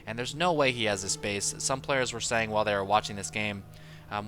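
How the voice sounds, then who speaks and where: A man giving casual, opinionated commentary on a strategy game he is playing, thinking out loud as he goes. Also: lowish voice, normal speed. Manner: analytical, opinionated, loose and chatty. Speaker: player commentating his own match. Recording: steady background noise.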